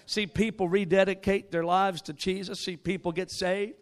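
A man's voice: high voice, fairly even intonation, normal speed, few pauses. A man preaching a sermon, moving from joking asides to rising call-and-response exhortation. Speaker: guest preacher.

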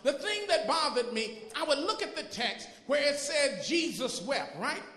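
A male pastor with a very high, sharp voice preaches, building to fervent shouts and firing rhetorical questions at his listeners. His words ring through an echoey hall with a long reverb tail. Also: sing-song, unhurried. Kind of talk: sermon.

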